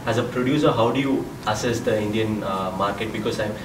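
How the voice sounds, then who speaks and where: A man's voice: fairly low pitch, a little fast. A man interviewing film guests, asking questions with frequent hesitations. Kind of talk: press junket interview. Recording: roomy, distant, noisy.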